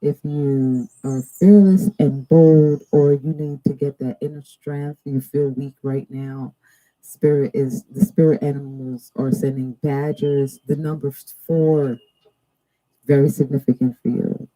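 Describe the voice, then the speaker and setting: A woman giving a live-streamed tarot reading, drawing out each card's message slowly between chatty asides to her viewers. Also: a bass voice, level tone, warm tone, poor audio. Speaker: tarot card reader. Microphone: two cameras.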